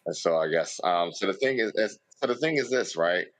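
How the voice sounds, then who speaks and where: A man on a discussion panel talks in a relaxed, conversational way, filling his pauses with "um" and "you know". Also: sits low, no room sound.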